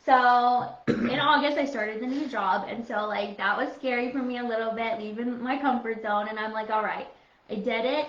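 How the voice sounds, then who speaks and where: A woman in her thirties chats on a home podcast in an animated way and pokes fun at herself. Her voice sits a little high, and the room around her is roomy and dull. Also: moderate pace. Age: 30s. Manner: animated, self-mocking. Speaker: podcast co-host. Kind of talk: casual chat. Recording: echoey room, dull lo-fi sound.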